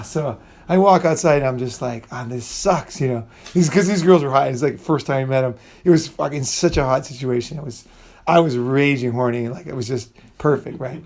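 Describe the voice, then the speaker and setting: A middle-aged man telling a rambling, profane story in casual talk, often restarting sentences and acting out what people said. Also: medium pitch. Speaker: channel host.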